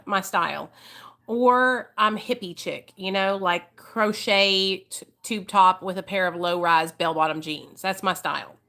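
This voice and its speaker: Bright-voiced chatty woman, swearing freely. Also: mid-range voice. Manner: chatty, emotional, swears freely, addresses viewers as y'all. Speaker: livestream host. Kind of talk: casual storytelling livestream.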